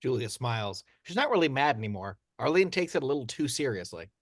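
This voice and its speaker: A man narrating screenplay action lines in an amateur audio drama, steady but with occasional stumbles and restarts. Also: mid-range voice, quick pace, no room sound, studio quality.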